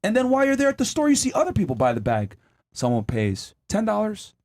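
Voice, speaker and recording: A man hosting a heated panel debate, telling an animated, profane story to make his point. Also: high-pitched, fast talker. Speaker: podcast host.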